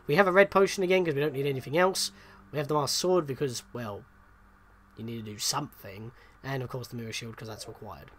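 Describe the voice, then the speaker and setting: A man's voice: mid-range voice, fast. A man hosting a gaming channel, giving chatty, self-deprecating let's play commentary and reacting with surprise.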